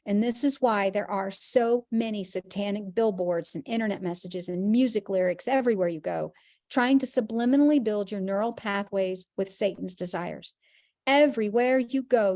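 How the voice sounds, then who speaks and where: A woman's voice: medium pitch, a little mellow, dry recording, studio quality. A woman teaching a Christian health class, earnest and emphatic, using vivid everyday examples.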